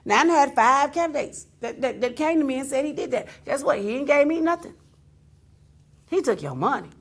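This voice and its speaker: A woman's voice: high voice, big pitch swings, a little fast. A woman talk show host, ranting to her viewers in a teasing, laughing way. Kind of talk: casual on-air rant to viewers.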